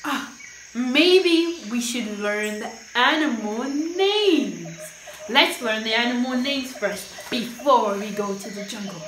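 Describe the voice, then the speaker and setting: A woman's voice: fairly high pitch, expressive, slow. A young woman teaching English to children in a playful, exaggerated sing-song way, asking coaxing questions. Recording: echoey room with loud background noise.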